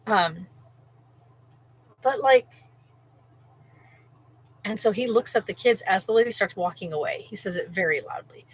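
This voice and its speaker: A woman telling a story in a loose, chatty vlog, piling on "like" and restarting her sentences. Her voice sits at an ordinary middle pitch, and a faint hum runs underneath while she cooks at home. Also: measured pace, long pauses, rough recording. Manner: rambling and animated, lots of "like" and restarts. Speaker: vlogger. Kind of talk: casual storytelling.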